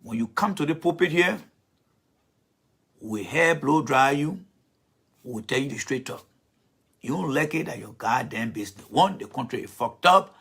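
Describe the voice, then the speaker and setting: A man's voice: mid-range voice, animated, moderate pace, gravelly, pauses often, fairly bright tone, slightly rough. A man delivering a heated political rant as host, blunt, profane and confrontational.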